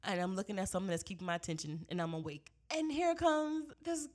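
A woman's voice: medium pitch, quick pace. A woman co-hosting a podcast in casual chat, telling a story with acted-out quotes and frequent laughter. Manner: animated storytelling, acts out quotes, laughs often. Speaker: podcast co-host.

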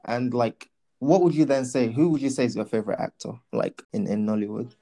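A man's voice: medium pitch, a little fast, gravelly, warm tone. A man, co-hosting a casual chat, teasing and joking with playful exaggeration. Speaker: podcast co-host.

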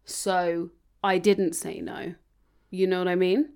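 A woman's voice: lowish voice, flat delivery, takes it slowly, a little mellow, smooth. A young woman in casual chat, speaking in a thoughtful, reflective way.

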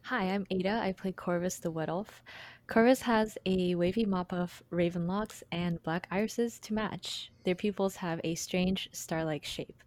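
A woman player in a tabletop game podcast, reading a prepared character description in a measured way. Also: fairly low pitch, steady tone, a little mellow, no echo.

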